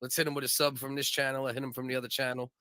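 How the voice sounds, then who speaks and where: A man's voice: mid-range voice, level tone, very fast, sharp tone, clean tone, dry recording. Profane, laughing comedy-show co-host man. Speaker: podcast co-host. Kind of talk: crude comedic banter.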